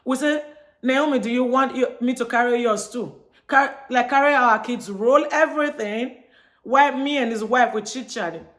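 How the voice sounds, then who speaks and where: A vlogger from Chicago, United States, speaks at normal speed in a fairly high, slightly bright voice. Talking straight to her viewers, she tells a story casually and acts out what both people said.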